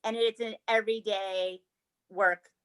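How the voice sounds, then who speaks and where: A woman's voice: mid-range voice, steady tone, measured pace, smooth. A woman co-hosting a casual true-crime podcast, chatty and laughing often. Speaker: podcast co-host. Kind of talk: casual chat.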